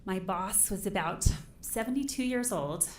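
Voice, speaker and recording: A woman's voice: mid-range voice, expressive, moderate pace, slight background noise. A middle-aged woman from Idaho giving nervous, careful testimony as a witness at a microphone in a courtroom. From Idaho, USA. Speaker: trial witness. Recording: echoey courtroom audio.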